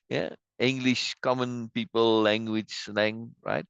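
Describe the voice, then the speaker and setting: A man's voice: mid-range voice, flat delivery, slow pace, creaky, a bit bright, clean tone, no echo, highs cut off. A man hosting a casual play reading, chatty and musing, with frequent asides and laughs, on a video call. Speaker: host reading a play aloud.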